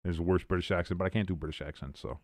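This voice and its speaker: A man's voice: low voice, rapid-fire, no echo, clean studio sound. A man hosting a sports watch-along stream, chatting casually between play-by-play calls, rambling with fillers, restarts and casual swearing.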